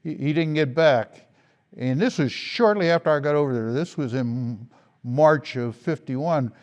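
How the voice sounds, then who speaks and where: An older man slowly and reflectively telling stories of his past in an oral history interview. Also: on the high side. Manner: slow, reflective storytelling. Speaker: interviewee, veteran.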